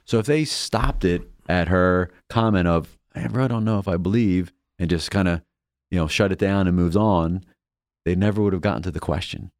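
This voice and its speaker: Low gravelly man telling a story. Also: moderate pace, no room sound, clean studio sound. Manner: animated storyteller, acts out quoted voices, restarts often. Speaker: co-host of a faith reflection show. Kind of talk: casual storytelling chat.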